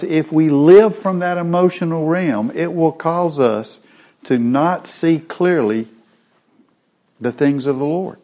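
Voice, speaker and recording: A man's voice: fairly high pitch, darkish tone. A man teaching a Bible lesson in a sermon style, explaining word meanings step by step.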